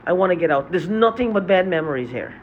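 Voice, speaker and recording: A vlogger, tired from lack of sleep, delivers an unscripted monologue in an agitated, profane manner, often repeating and restarting his phrases. His voice sits high and is expressive, his pace quick, and the audio is dull with slight background noise.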